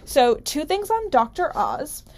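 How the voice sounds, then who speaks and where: A woman's voice: sits high, wildly swooping pitch, measured pace, darkish tone. A young woman hosting a radio show, giving casual, wry political commentary full of fillers and restarts. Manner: chatty, filler-heavy, wry.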